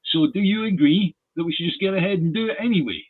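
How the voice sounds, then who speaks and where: A man's voice: sits high, fast, breathy edge. A man hosting a casual political discussion. He speaks hesitantly, with many restarts. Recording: tinny phone-like line.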